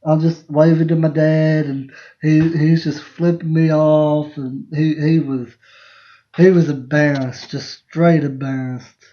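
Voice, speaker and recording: A man's voice: fairly high pitch, flat delivery, unhurried. A man, hosting a podcast and telling rambling, laughing family stories in a casual live stream. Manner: rambling, laughing, restarts mid-sentence. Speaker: podcast host. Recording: lo-fi dull sound.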